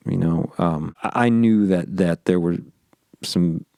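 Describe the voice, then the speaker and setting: Male interview guest from Austin, deep and warm-toned, dry close sound, thoughtful and stop-start delivery. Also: vocal fry, no room sound. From Austin, Texas. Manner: reflective, halting, repeats words as he thinks. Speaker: guest musician. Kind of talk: casual interview conversation.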